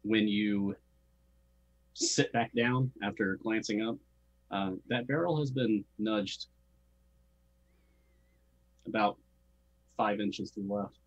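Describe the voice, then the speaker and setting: A man's voice: lowish voice, takes it slowly, long pauses, dull audio. A man running a tabletop role-playing game as game master, describing the scene to his players.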